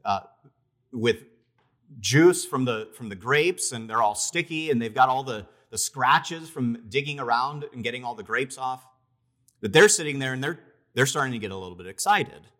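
A man preaching a sermon, retelling a parable in a conversational, storytelling way, with emphatic pauses and restarts. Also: mid-range voice, animated, fairly bright tone. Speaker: pastor.

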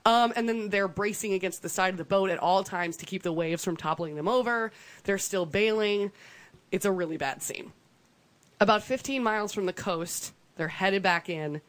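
A woman's voice: mid-range voice, normal speed. A woman co-hosting a podcast, telling a survival story in a chatty, laughing way. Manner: chatty, laughs often, lots of ums and likes. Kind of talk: casual storytelling chat.

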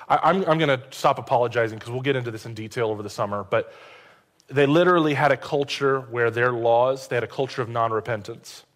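A male pastor giving a sermon in a conversational, joking way, with quick asides to the congregation. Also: mid-range voice, fairly bright tone. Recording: long hall reverb.

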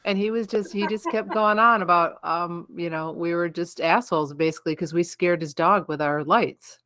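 A woman casually retelling a story in a wry, deadpan way. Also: fairly low pitch, normal speed.

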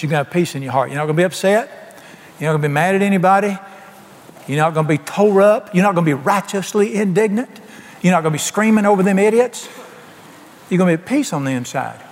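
A man's voice: high voice, in a large hall. An older man preaching a folksy, emphatic sermon, asking the congregation questions. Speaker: pastor.

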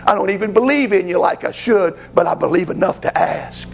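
A man's voice: sits high, expressive, fairly quick, creaky, a little hiss or hum, rough recording. A man preaching a sermon as pastor, rising to fervent pleading.

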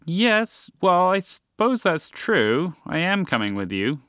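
Man doing a gentle confused storybook moose, hesitant, apologetic, raised bright voice. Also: high voice, very animated, takes it slowly, clean tone, dry recording, clean studio sound, pitched above the performer's own voice, exaggerated voice. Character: timid, bewildered male moose, gentle and polite.

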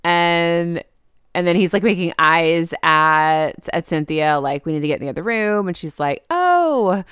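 A woman co-hosting a movie podcast, retelling scenes in lively casual chat and quoting characters. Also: deep voice, normal speed, smooth, no room sound, clean studio sound. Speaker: podcast co-host.

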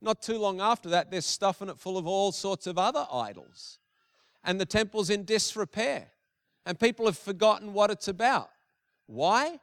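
A man's voice: sits high, moderate pace, fairly bright tone, no room sound, clean studio sound. A middle-aged male pastor giving a conversational sermon with emphatic repetition.

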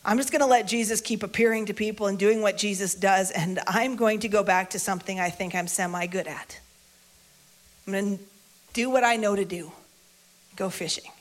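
A woman's voice: moderate pace, close to an everyday voice. Woman doing a proud, restless Peter. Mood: despairing. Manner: swings from loud boasting to low muttering self-talk. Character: impulsive proud adult man, the apostle Peter. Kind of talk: sermon storytelling.

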